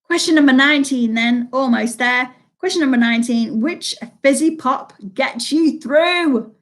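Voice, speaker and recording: A woman's voice: sits high, measured pace. Chatty woman hosting a home quiz. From United Kingdom. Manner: chatty, reads out questions and answers twice, reacts to players' scores. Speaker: quiz host. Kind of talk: casual live quiz hosting.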